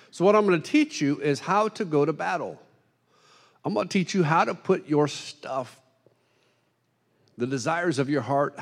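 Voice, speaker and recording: A man preaching a sermon, telling funny stories in an animated, self-deprecating way to a congregation. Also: on the high side. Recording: long hall reverb.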